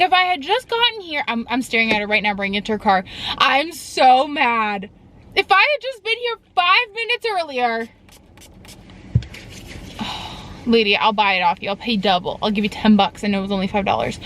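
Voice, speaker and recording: Young woman, vlogger, animated and casual, bit of a potty mouth, phone-camera sound with faint road noise. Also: a little high, poor audio. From Canada. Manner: chatty, animated, swears casually. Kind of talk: casual vlog chat. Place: in a car and out running errands.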